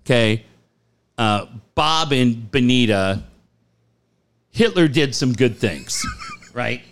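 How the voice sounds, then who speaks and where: Animated, swearing male radio host. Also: medium pitch, slow. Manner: profane, animated storyteller who laughs a lot. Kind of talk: casual sports radio banter.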